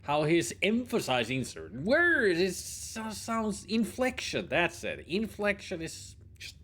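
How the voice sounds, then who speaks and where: A man's voice: high voice, slow pace. A man giving casual gameplay commentary as a streamer, rambling and riffing, with some swearing. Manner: rambling, animated, swears and riffs. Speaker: gaming streamer.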